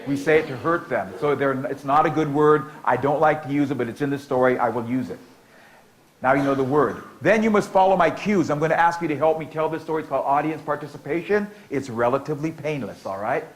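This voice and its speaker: A man's voice: a little high, brisk, rough recording. A middle-aged man from the United States telling a story to a conference audience, repeating lines in a rhythmic way and leading the crowd in call-and-response. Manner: playful, leads audience participation with cues; repetitive, rhythmic oral storytelling.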